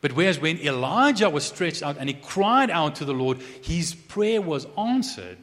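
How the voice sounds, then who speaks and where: A man preaching a sermon who drops to a hushed, intense tone and then rises to loud, emphatic proclamation, repeating key phrases for emphasis. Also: on the high side, animated, normal speed. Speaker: pastor. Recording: long reverb of a large hall.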